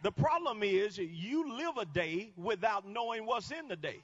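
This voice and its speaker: A male guest preacher delivering a sermon, swinging between quiet teaching and shouted climaxes. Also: high voice, animated, unhurried, dull audio.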